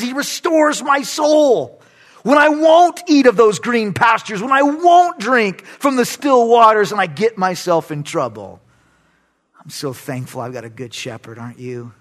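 High-voiced, animated male preacher. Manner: animated preaching, swings from shouted lines to soft asides, laughs at own stories. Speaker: pastor. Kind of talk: sermon.

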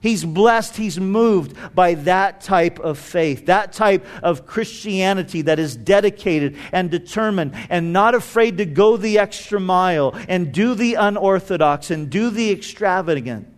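Man, pastor, sermon, high voice, lively storytelling, repeats and restarts words. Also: a little slow, few pauses. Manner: animated storytelling preacher, acting out the people in the story; frequent word repetitions and restarts.

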